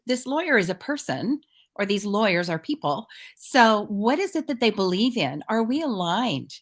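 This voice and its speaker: A woman as a talk show guest, explaining in a relaxed conversational way with everyday examples. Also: mid-range voice. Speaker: guest financial expert. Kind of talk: casual talk show chat.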